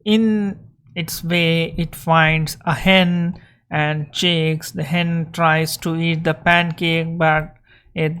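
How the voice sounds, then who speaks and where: A woman teacher explaining a lesson and reading a story aloud over slides, slowly and carefully. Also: low-pitched, smooth. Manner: slow, explanatory, with restarts.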